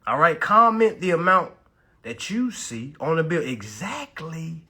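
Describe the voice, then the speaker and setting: Lively, bright-voiced man hyping a livestream class. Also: fairly high pitch, breathy edge. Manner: hype-man, repeats phrases, urges viewers to comment; drops to slow, hushed talk when stressing points. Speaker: live-stream host teaching about bills. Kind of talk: hyped social-media livestream class.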